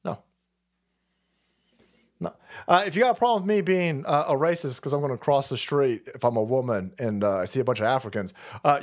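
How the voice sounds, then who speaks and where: A man hosting a livestream, ranting and commenting profanely with frequent laughter. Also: medium pitch. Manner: foul-mouthed, laughing, ranting. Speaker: streamer host.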